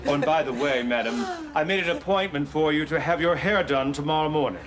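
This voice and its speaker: A man's voice: on the high side, a little fast, heavy background noise, close to an everyday voice. An actor playing a stiff, haughty male butler in a studio sitcom, speaking in a formal, dry and snooty way.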